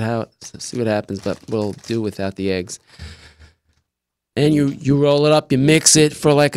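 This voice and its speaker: A man's voice: mid-range voice, a little mellow, no room sound. A man hosting a casual live-stream show from his desk, rambling and joking as he explains a recipe. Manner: rambling, jokey, talks with mouth full. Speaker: show host. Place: small room at a desk.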